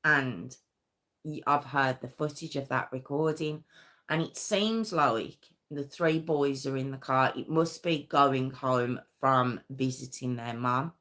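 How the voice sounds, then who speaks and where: A woman's voice: extremely low pitch, slow pace, fairly bright tone. A British woman narrating a true crime story in a casual, earnest way, with fillers and restarts.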